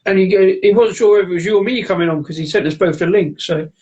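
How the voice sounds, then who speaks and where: A man's voice: high voice, fast talker, darkish tone, highs cut off. A man co-hosting a live beer review stream, chatty and greeting viewers as they pop in. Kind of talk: casual live-stream chat.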